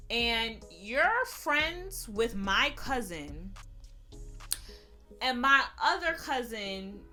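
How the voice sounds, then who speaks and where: A woman, telling a sassy, animated storytime vlog. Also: a little high. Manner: sassy, animated, quick-witted. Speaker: YouTuber. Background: background music.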